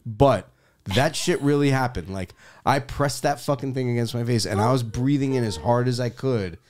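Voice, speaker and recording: A man's voice: mid-range voice, normal speed, a little mellow. A man in his forties co-hosting a podcast, joking crudely and cursing often. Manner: profane, joking, self-deprecating. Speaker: podcast co-host. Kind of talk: casual crude banter.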